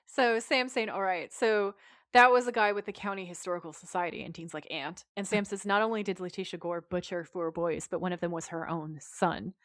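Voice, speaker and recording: A woman's voice: lowish voice, a bit bright, no room sound, clean studio sound. A woman co-hosting a podcast, casually recapping an episode and quoting the characters' lines as she goes. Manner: retells scenes while quoting the characters' lines. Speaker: podcast co-host.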